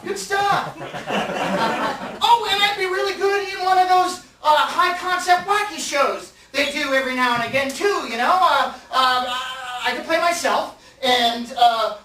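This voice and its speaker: A man doing a one-man comedy show, laughing and stammering as he pitches ideas in a manic rush. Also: sharp tone, echoey room, recorded from a distance, a little hiss or hum.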